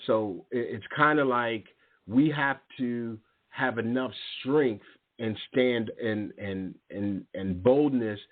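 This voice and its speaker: A man's voice: mid-range voice, slow. A man hosting a casual spiritual talk radio show, rambling with restarts and acting out the voices in his stories. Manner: animated storytelling, acting out quoted voices. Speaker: radio show host and youth coach. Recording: narrow phone-like line.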